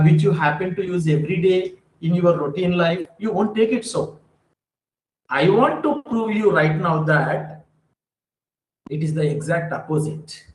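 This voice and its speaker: A man's voice: sits high, reverberant, low-quality recording. A man giving an emphatic, rhetorical lecture at a conference, speaking straight to his audience. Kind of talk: academic lecture. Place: conference hall.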